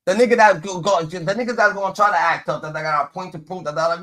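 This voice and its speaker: A man's voice: fairly high pitch, quick pace, hardly any pauses, fairly bright tone. A man streaming a profane, mocking rant in reaction to clips, padding his lines with repeated filler chants. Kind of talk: ranting reaction commentary.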